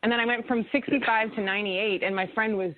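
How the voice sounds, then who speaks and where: A woman co-hosting a radio talk show, telling a personal story in a lively way and acting out the voices. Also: fairly high pitch, fast, background noise. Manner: animated storyteller, acts out voices. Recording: dry phone-line audio.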